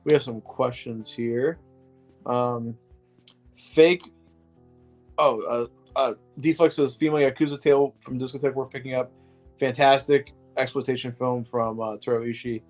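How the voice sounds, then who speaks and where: A man's voice: mid-range voice, steady tone, normal speed, faint music behind. A man co-hosting a film podcast in casual chat, joking and swearing freely, and often laughing. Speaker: podcast co-host.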